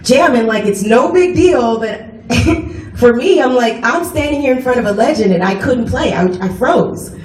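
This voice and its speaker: Laughing woman bassist telling a story onstage. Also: moderate pace, slight background noise. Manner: animated, laughs often while telling. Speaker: bass player. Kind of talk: storytelling to a concert audience. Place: live music venue on stage. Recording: echoey live concert audio from far off with crowd.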